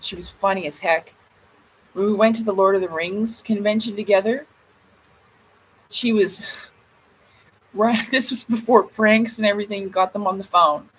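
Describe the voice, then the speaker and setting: A woman's voice: mid-range voice, measured pace, pauses often, slight background noise, poor audio. A woman in her thirties chatting on a livestream, telling a funny story, laughing and catching herself swearing. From Canada. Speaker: livestream vlogger. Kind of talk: casual storytelling chat. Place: home, by a door while smoking.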